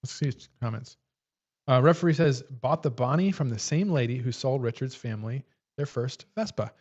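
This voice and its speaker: A man hosting a casual livestream, answering viewer questions in a relaxed way with many fillers and restarts. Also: medium pitch, normal speed, highs cut off. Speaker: livestream host.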